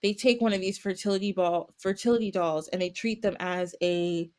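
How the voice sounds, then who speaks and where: A woman's voice: mid-range voice, moderate pace. A woman guest on a podcast, telling a folktale casually and acting out the characters' lines. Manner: animated, acts out characters with little voices and laughs. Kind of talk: casual storytelling.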